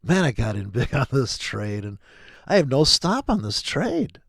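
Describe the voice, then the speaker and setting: A middle-aged forex trading video host rambles loosely and profanely, joking as his gravelly voice leaps around in pitch, sing-song, a little slow and a bit bright. The audio is close and dry with no room echo.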